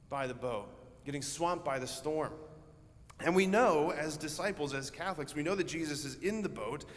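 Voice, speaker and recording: A Catholic priest preaches a homily in a conversational, earnest way. His voice sits a little high for a man. A long reverb rings through the church. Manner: conversational, earnest, vivid storytelling.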